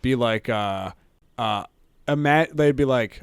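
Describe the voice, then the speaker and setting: A man hosting a casual podcast chat, talking haltingly and repeating words as he searches for them. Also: medium pitch, clear, resonant tone, no room sound, clean studio sound. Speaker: podcast host.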